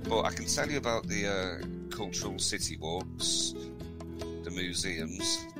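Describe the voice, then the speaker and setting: Deep-voiced man telling rambling stories. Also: a little slow, loud music behind the voice. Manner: rambling, chuckling anecdote-teller. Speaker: podcast co-host. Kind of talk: casual chat.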